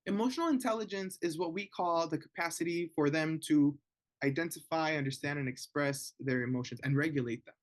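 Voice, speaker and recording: A man giving a conversational webinar talk to parents, often pausing to ask "right?" as a check-in. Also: on the high side. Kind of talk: informal educational talk.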